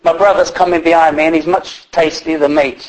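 A man's voice: on the high side, little pitch movement, brisk, close to an everyday voice, poor audio. A man telling of clever billy goats. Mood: pleading. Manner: plain storytelling voice, barely acted.

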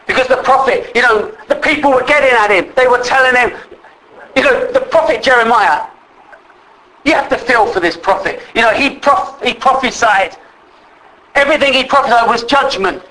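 A man preaching a sermon with passion, addressing the congregation as brethren and rising to shouts. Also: very high-pitched, moderate pace, low-quality recording. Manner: impassioned, rises to shouts.

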